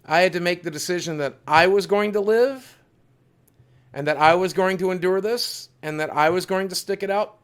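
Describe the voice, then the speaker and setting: A man's voice: high voice, normal speed, fairly bright tone, clean tone. A man hosting a livestream from his studio, talking in an earnest, heartfelt, confessional way with emphatic repetition. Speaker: livestream host.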